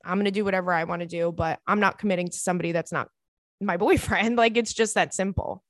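A woman's voice: on the low side, fairly even intonation, fast talker, no echo, clean studio sound. A young woman hosting a podcast, giving listeners frank, casual advice and swearing freely. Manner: blunt, candid, swears freely. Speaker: podcast host.

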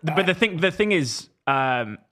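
A man's voice: fairly high pitch, expressive, a little slow, fairly bright tone. A man co-hosting a podcast in casual chat, playful and teasing, laughing often. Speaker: podcast co-host.

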